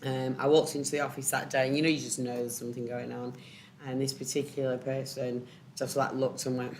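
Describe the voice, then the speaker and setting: A woman's voice: a bass voice, level tone, a little fast, a little mellow, slight background noise. Candid woman telling her story. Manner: emotional, candid, frequent ums. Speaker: panel speaker. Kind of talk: personal storytelling.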